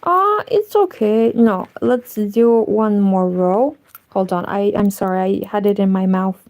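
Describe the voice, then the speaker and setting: A woman's voice: medium pitch, unhurried, darkish tone, low-quality recording. A woman from Moldova, chatting casually on a crochet livestream and greeting viewers as she works.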